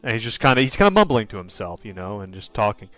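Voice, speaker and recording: A man's voice: lowish voice, sing-song, fast, a bit bright, faint music behind. A man running a tabletop horror game as game master, describing scenes in a casual, rambling way with many fillers.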